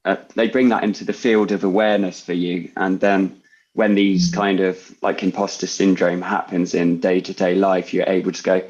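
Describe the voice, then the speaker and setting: A man's voice: deep voice, level tone, moderate pace, darkish tone, breathy edge, muffled recording. A man on a webinar panel, speaking thoughtfully and hesitantly over a video call. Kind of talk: conversational panel discussion.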